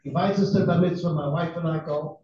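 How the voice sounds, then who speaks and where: A middle-aged man telling a long, animated anecdote, laughing often and acting out the people in his story. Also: on the high side, fast talker, a little hiss or hum. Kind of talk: anecdote told to an audience. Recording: echoey hall, distant mic, dull sound.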